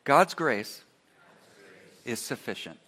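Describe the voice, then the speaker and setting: A man preaching a sermon, earnest and emphatic, who leads his congregation in call-and-response and drops to a soft voice on key phrases. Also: mid-range voice, sing-song, slow pace. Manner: earnest preaching, rising to emphatic repetition then dropping soft. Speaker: pastor.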